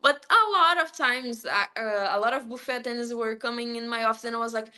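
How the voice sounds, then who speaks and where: Woman guest, bright, slightly high voice, laughing often through lively anecdotes in a casual interview. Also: fast talker, few pauses. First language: Portuguese. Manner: laughs often, animated storytelling. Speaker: guest, former cruise ship buffet administrator.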